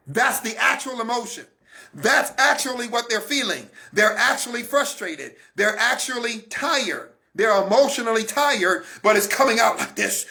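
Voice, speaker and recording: A man's voice: extremely high pitch, lively intonation, normal speed, vocal fry, bright, forceful tone. A man giving a Christian teaching talk, emphatic and repetitive, coaching his listeners directly. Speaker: broadcast minister.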